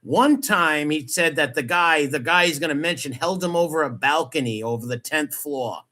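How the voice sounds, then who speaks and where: A man's voice: fairly high pitch, moderate pace, sharp tone. A man giving angry reaction commentary, mocking and profane as he picks apart a clip.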